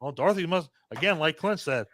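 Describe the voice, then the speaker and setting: A man co-hosting a podcast, giving a casual movie review in a heavily profane, animated rant and mocking the characters as he goes. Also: fairly high pitch, fast, no echo, clean studio sound. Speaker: podcast co-host reviewing a film.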